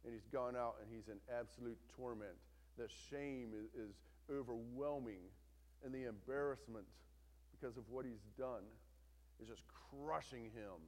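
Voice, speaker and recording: A man preaching a sermon, swinging between loud, intense retelling and hushed, quiet emphasis. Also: mid-range voice, a little slow. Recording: long hall reverb.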